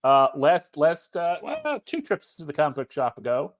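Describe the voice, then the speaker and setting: A man's voice: a little high, huge pitch swings, normal speed, dull audio. A man co-hosting a casual podcast who drops wry one-liners. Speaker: podcast co-host.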